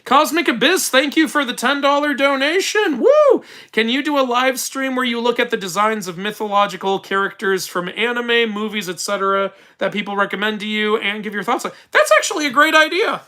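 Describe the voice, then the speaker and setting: Young man, casual live Q&A host, rambling storyteller, stumbling restarts, bright forceful voice, phone mic at home. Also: extremely high pitch, a little fast, hardly any pauses. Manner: rambling, frequent restarts, laughs while telling stories. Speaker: YouTube mythology channel host. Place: his room at home.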